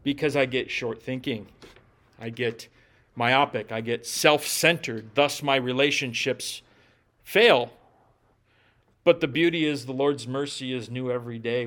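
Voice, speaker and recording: A man's voice: medium pitch, steady tone, measured pace, fairly bright tone. A man, a pastor, preaching an earnest, heartfelt sermon to his congregation.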